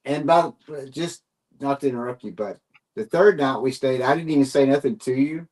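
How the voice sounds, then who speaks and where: A man with a Texan accent, a paranormal investigator, chiming in on an interview in a halting way that repeats words. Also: mid-range voice, darkish tone, distant mic. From United States. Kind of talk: conversational interview.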